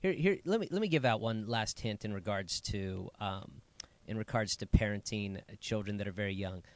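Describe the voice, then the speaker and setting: A man co-hosting a casual chat about parenting, emphatic and animated, acting out quotes. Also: lowish voice, moderate pace. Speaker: co-host, parent.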